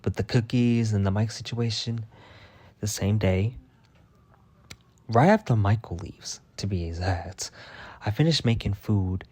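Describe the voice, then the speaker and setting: Lowish-voiced man ranting, dark tone. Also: measured pace, long pauses. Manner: profane, heated and exasperated. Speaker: vlogger. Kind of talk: casual storytime rant.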